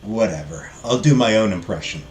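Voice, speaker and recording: Man voicing a bored deadpan teen boy, flat, lower voice, mocking, game character, echoey. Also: fairly quick, lightly acted.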